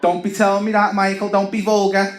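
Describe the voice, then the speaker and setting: A man's voice: sits high, monotone, a little fast, noisy background, voice pushed up, close to an everyday voice. A man putting on a prim, scolding old nan. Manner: tutting, disapproving. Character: scolding older grandmother, prim. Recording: echoey club with crowd laughter.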